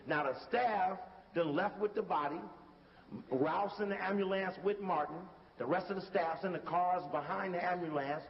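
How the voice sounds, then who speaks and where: Over video footage, a man gives casual, emphatic commentary, speaking straight to the listener and calling out cues to stop and rewind. His voice is high-pitched and moderately paced, and the muffled recording carries a long reverb tail.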